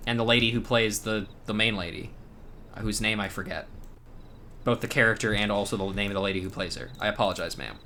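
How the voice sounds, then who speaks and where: A man's voice: lowish voice, fairly quick, sharp tone, slight background noise. A man streaming himself reading a game aloud, joking and rambling in casual chat.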